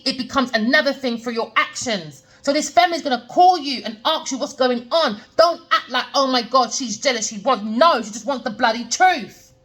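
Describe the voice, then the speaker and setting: A woman's voice: sits high, a bit bright. Emphatic woman reading tarot. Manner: emphatic, repetitive, lecturing the viewer; slangy and blunt. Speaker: tarot reader.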